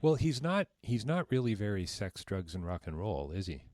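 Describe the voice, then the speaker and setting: A man's voice: fairly low pitch, very animated, normal speed, darkish tone. A man hosting an interview, effusive and rambling, with many restarts. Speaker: interview host. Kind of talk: interview conversation.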